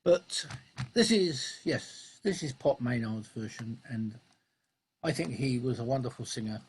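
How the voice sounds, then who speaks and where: A man's voice: medium pitch, animated, measured pace, slight background noise. A man introducing an old English folk song with a few fillers, then singing it unaccompanied on a home video call. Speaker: folk singer.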